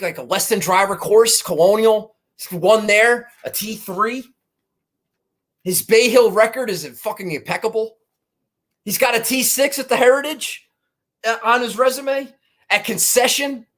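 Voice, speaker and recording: A man with a notably high-pitched voice runs through his golf betting picks in loose, rambling chat. He swears freely and mocks himself as he goes. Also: fairly bright tone. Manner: profane, rambling, self-mocking. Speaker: golf betting podcast host. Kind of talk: casual chat.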